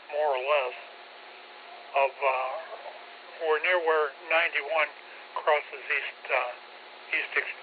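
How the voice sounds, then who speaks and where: A man's voice: fairly high pitch, phone-quality sound. Rambling man over a two-way radio. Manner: halting, many fillers and self-corrections. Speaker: radio club member giving announcements. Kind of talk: casual radio net talk. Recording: thin two-way radio transmission with faint hiss.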